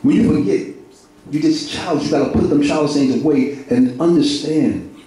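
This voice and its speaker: A man's voice: a little high, moderate pace, dark tone. Heartfelt man testifying in an echoey church. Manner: repetitive, heartfelt, street slang, laughing through it. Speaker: church minister giving a testimony. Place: large echoey church hall. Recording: echoey hall from far off.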